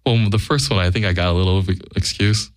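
With a low-pitched voice and a fast delivery, a male guest storyteller bluntly recounts a casual, profane anecdote and acts out the quoted dialogue. It's studio quality, with no room sound.

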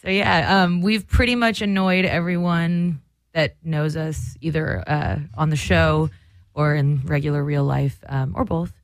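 A woman's voice: low voice, steady tone, measured pace, no room sound. Giggly woman co-hosting a chat show. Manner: giggly, rambling with fillers. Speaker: podcast co-host. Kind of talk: casual chat.

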